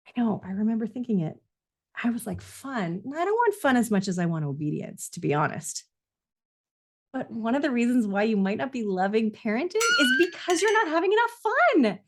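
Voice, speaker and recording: Earnest woman coach with lively pitch. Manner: earnest and confiding, repeats phrases for emphasis. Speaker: parenting coach. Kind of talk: heartfelt solo talk to parents.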